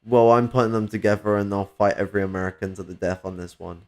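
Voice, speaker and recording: A man's voice: lowish voice, fairly even intonation, fast talker. A man from England, chatting casually and rambling with lots of restarts. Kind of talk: casual chat.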